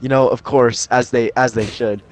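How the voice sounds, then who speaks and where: A man's voice: mid-range voice, steady tone, moderate pace. A young adult man telling a campfire story in a rambling, profane, slangy way full of restarts. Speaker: podcast storyteller.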